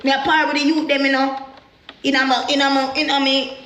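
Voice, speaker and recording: A Jamaican woman speaks in patois with a high, sharp voice, pouring out a personal story in an animated, heated way. The sound rings around an echoey room. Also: brisk.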